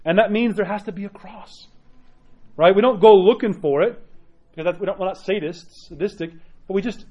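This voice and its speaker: A man preaching a sermon as an Orthodox priest, earnest and animated, often checking in with "right?". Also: high voice. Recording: dull lo-fi sound.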